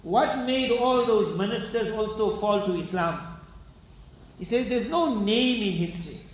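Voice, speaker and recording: A man's voice: high voice, a little slow. A male imam preaching a sermon, earnest and dramatic as he retells stories with quoted dialogue. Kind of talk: sermon storytelling. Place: mosque. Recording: echoey mosque hall, faint ambience.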